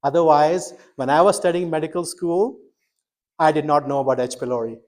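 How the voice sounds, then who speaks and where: A man's voice: fairly high pitch, brisk, darkish tone. A middle-aged man teaching a medical school class, quizzing students and explaining step by step with emphatic energy. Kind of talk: interactive classroom lecture.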